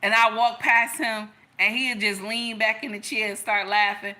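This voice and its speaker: A woman's voice: medium pitch, flat delivery, moderate pace, bright, forceful tone. A woman giving relationship advice through a personal story, emphatic, repeating lines and calling her listeners y'all and baby.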